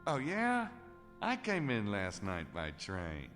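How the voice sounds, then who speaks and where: A man's voice: lowish voice, wildly swooping pitch, takes it slowly, fairly bright tone, full character voice. An actor playing a laid-back, teasing male investigator in a video game, questioning a stranger. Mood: probing. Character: wry male investigator, nosy and casual. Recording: reverberant game audio with music.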